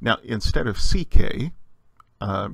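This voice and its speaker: A man gives a recorded lesson in a patient, explanatory way, often pausing on filler sounds. His voice sits low with a gravelly, creaky texture. The recording is dry and close, with no room sound. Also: expressive, a bit bright, dry recording. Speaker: teacher. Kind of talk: recorded language lecture.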